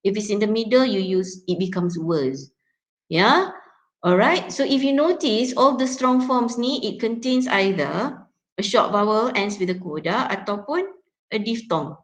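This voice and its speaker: A woman's voice: medium pitch, lively intonation, moderate pace, low-quality recording. Malaysian woman lecturer, checking in often. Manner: explains step by step, often checking with "yeah?". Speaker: university lecturer. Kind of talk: teaching a phonetics class.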